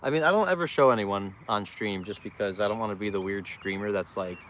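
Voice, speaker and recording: A man's voice: on the low side, fast, fairly bright tone. A man casually chatting on a livestream outdoors, joking and waving at passing traffic. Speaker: farm livestreamer. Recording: outdoor street noise, passing cars.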